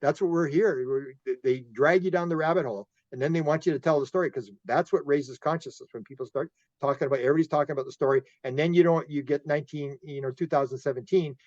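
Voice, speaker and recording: A man from Canada, a UFO investigator being interviewed, telling animated stories, laughing often and acting out quotes. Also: on the high side, fast, no echo, lo-fi sound. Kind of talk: casual interview storytelling.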